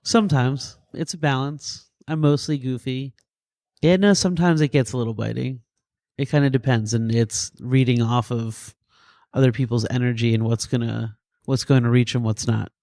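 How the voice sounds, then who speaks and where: A man in his thirties, a paramedic and emergency physician, telling a story in a podcast interview with goofy, animated energy and acted-out quotes. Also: mid-range voice, moderate pace, no room sound, studio quality. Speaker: paramedic and EMS physician guest.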